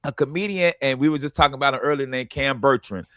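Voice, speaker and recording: A man hosting a radio comedy show, telling stories in a casual, animated way and acting out what people said to him. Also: mid-range voice, fast talker, dry recording. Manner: animated storytelling, acts out quotes.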